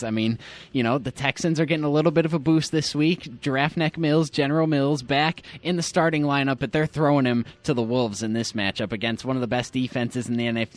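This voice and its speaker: A man's voice: medium pitch, fairly even intonation, a little fast. A man co-hosting a casual sports show, giving confident, trash-talking football picks. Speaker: co-host picking games.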